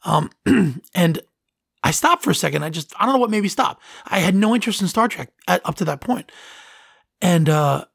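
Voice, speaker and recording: A man's voice: high-pitched, animated, normal speed, creaky, husky, no echo, clean studio sound. A man hosting a solo podcast in casual talk, earnest and sentimental, rambling and often interrupting himself. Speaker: podcast host.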